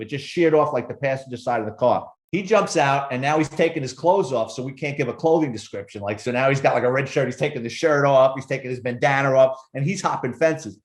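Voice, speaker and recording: A man who is a former police officer, telling animated, profanity-laced stories in casual conversation as a podcast guest. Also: medium pitch, reverberant. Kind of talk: casual storytelling.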